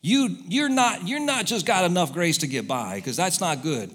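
A man preaching a sermon, telling stories and moving between quiet asides and loud exhortation. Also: sits high, lively intonation, normal speed, slightly rough. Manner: storytelling, swings from soft to loud exhortation. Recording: long hall reverb.

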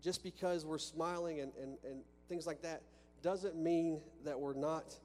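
A pastor preaches to his congregation in a church sanctuary with a balcony, talking conversationally with restarts and rhetorical questions. His voice is fairly high and a little mellow, with fairly even intonation and a slightly slow pace. A church hall's long reverb and faint hum color the recording.

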